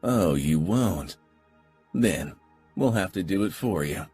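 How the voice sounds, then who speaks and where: A man's voice: sits low, moderate pace, slightly rough, soft background music. A man growling as a foul-mouthed biker boss. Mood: snarling. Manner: snarling, barking orders, profane. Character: furious older male biker club president.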